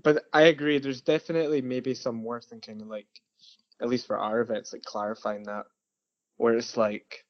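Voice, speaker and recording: A man co-hosting a casual podcast chat, joking with quick animated asides. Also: medium pitch, no room sound. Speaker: podcast co-host. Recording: dull dry lo-fi audio.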